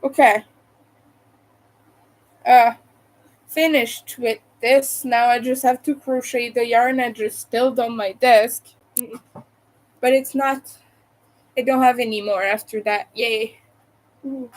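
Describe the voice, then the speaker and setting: A woman chats to her livestream audience as she crochets, her voice a little high and her pace unhurried. She sounds tired and drifts between remarks to viewers and comments to herself, recorded on a desk mic. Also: steady tone, poor audio. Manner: chatty, talks to herself between pauses. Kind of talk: casual livestream chat while crocheting.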